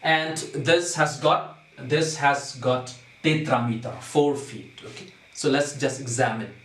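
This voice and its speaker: A male teacher walks a class through poetic meter, repeating each point and stopping to ask "okay?". He speaks very slowly and deliberately. His voice sounds distant from the mic in an echoey room. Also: medium pitch, fairly bright tone, slight background noise. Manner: slow, repetitive, checks understanding with "okay?".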